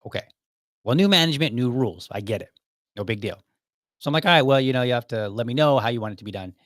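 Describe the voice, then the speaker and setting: A man's voice: mid-range voice, animated, fast talker, a bit bright, dry recording, studio quality. A man hosting his own podcast, casually telling a personal work story, acting out bits of dialogue and chuckling along the way. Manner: anecdotal, acts out quoted dialogue, chuckles often. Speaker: podcast host.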